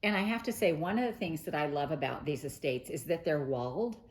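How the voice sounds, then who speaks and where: A middle-aged quilting news show host gushes in casual chat to camera, full of fillers and restarts. She has a low voice with lively intonation and a brisk pace.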